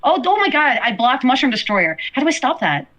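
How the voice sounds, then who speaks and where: A woman with a fairly high voice chats fast on her livestream. She rambles, apologizes again and again and fills her talk with likes and ums. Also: big pitch swings, fairly bright tone. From Canada. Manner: rambling, apologetic, filler-heavy. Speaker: livestream host. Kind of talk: casual livestream chat.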